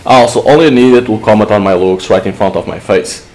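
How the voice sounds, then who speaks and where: A man's voice: lowish voice, quick pace, darkish tone, natural voice. A man reading the lines of a serious, scolding young woman. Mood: stern.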